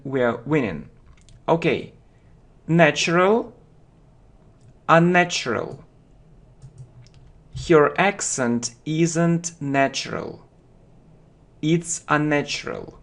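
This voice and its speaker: A male English teacher goes through vocabulary very slowly and carefully, repeating words and phrases for his learners. His voice is a little high for a man.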